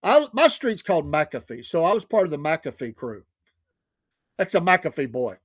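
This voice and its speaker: A man's voice: a little high, big pitch swings, normal speed, no room sound, studio quality. A man from the United States casually telling childhood neighborhood stories, laughing often and acting out the voices of people he quotes. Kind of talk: casual storytelling.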